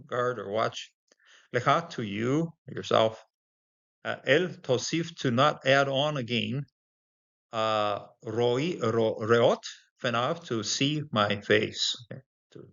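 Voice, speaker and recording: A man's voice: mid-range voice, gravelly, a bit bright, lo-fi sound. A man teaching a Bible language lesson informally, explaining word by word with many fillers and the odd chuckle.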